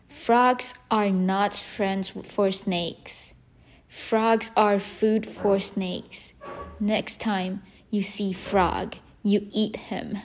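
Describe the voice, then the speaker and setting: A woman plays a harsh mother snake with a screeching, stern delivery. She drags out each word very slowly as she gives orders in a storybook tale. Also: medium pitch, slight background noise.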